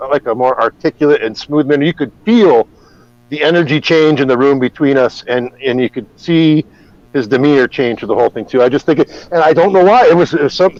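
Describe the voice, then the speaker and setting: A man talks on a podcast in a loose, rambling way, stopping and restarting his sentences and swearing freely. His voice sits a bit high for a man. The recording is dry and a little dull and lo-fi. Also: dry recording. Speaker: podcast host. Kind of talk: casual conversation, personal storytelling.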